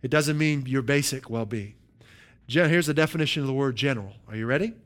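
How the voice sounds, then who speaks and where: A man preaching a sermon, emphatic, slowing down to stress key words and asking the room "right?" between points. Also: mid-range voice.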